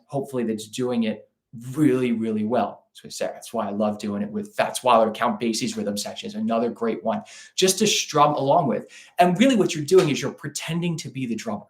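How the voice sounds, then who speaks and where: A man teaching a live online ukulele lesson in a relaxed, chatty way, scatting rhythms aloud as he demonstrates. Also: mid-range voice, echoey room. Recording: ukulele playing loudly behind the voice. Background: ukulele playing.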